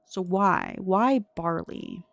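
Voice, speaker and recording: A woman's voice: fairly low pitch, takes it slowly, vocal fry, dry recording. A young woman streaming a cozy game, chatting with viewers and thinking aloud in a curious, talkative way. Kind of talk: casual gameplay commentary.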